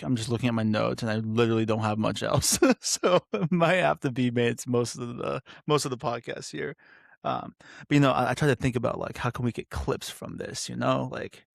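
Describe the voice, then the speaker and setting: A man's voice: medium pitch, creaky, no room sound, clean studio sound. A young man hosting a solo podcast, rambling and interrupting himself with lots of fillers. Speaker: podcast host.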